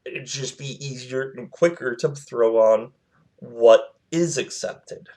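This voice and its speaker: A man's voice: medium pitch, takes it slowly, darkish tone. A man telling a personal story to his channel in a casual, rambling way, with lots of fillers and quoted back-and-forth.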